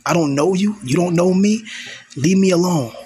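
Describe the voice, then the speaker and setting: A man's voice: high-pitched, normal speed, mellow, slight background noise. A young man hosting his own channel, venting in a raw, confrontational monologue and repeating himself for emphasis. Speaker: channel host.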